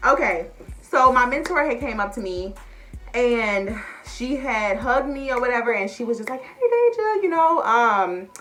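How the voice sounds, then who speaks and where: A woman's voice: on the high side, unhurried, pushed and bright, soft background music. A young woman, chatting casually and emotionally to her viewers as y'all. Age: young adult. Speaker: vlogger. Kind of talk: casual chat to camera.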